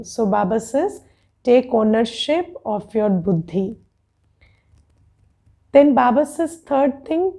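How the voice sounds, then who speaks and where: A woman with an Indian English accent giving a spiritual class, slow and questioning, often checking in with "yes?". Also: on the high side, vocal fry, mellow. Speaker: spiritual teacher.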